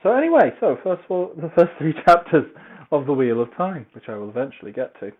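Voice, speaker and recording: A man's voice: fairly high pitch, very animated, fast. A man talking in a casual, meandering, self-deprecating monologue while he moves about tidying his home. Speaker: podcaster reviewing a book series. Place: at home, large open-plan room. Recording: tinny phone-like recording, faint noise.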